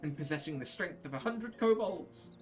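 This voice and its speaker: Reading game dialogue aloud, a man voices a small, fretful, cowering male kobold that pleads and repeats itself, wailing as its pitch jumps high in panic. His delivery is animated, moderate in pace, swinging widely in pitch yet close to an everyday voice. The mic is distant, with faint music underneath.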